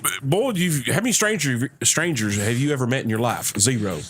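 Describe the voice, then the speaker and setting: A man hosting a casual podcast, teasing a friend and chatting with quick restarts. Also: mid-range voice, animated, a little hiss or hum. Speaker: podcast host. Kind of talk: casual chat.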